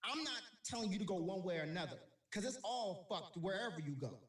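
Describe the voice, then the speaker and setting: A man's voice: high voice, expressive, fairly quick, a bit bright, recorded from a distance. A man, a comedian guest, talking animatedly in casual podcast chat, swearing and laughing often. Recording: echoey room, voice off mic.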